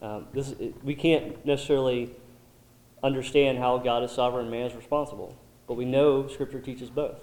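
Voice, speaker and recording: Male Bible study leader, steady mid voice, echoey room, thinks aloud. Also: mid-range voice, fairly quick. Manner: thoughtful, many um fillers and restarts. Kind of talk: leading a group discussion. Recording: roomy echo.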